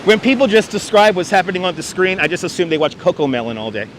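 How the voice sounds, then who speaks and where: A high, bright-toned man chats with his livestream viewers on a beach, joking wryly about their comments. Faint wind and surf noise sit under his clip-on mic, and he sounds quick and sharp. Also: big pitch swings. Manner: wry, joking, mock-announcer asides. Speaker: livestream host. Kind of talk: casual livestream chat reading viewer comments. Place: outdoors on a windy beach. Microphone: wireless clip-on mic.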